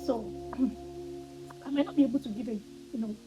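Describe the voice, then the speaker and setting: Woman, faith vlogger, earnest testimony delivery, light high voice over background music. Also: moderate pace, dull audio. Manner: earnest, conversational, swings between hushed and animated. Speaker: Christian vlogger.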